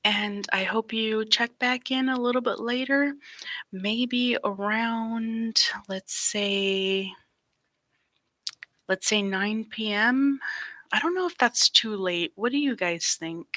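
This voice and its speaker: A woman tarot reader chatting softly to her live stream viewers, often dropping into a whisper. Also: medium pitch, dry recording. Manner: slow, soft-spoken, drifts into whispers.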